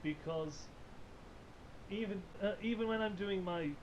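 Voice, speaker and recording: A man's voice: high-pitched, measured pace, dull audio, slight background noise. A man with a toned-down northern English accent, co-hosting a podcast, swearing freely with wry rambling asides. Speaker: podcast co-host. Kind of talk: casual chat.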